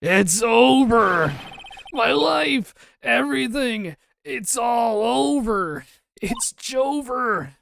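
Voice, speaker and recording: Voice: mid-range voice, wildly swooping pitch, takes it slowly, no room sound, pitched above the performer's own voice, exaggerated voice. A streamer doing a wailing, frantic young guy. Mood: despairing. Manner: wailing, shouting, overblown. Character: frantic young man, melodramatic and despairing. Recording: game music under voice.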